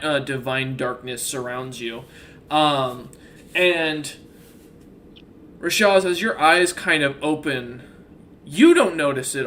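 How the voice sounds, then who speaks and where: Bright-voiced man narrating as game master. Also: mid-range voice, slight background noise. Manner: rambling, with many fillers and restarts.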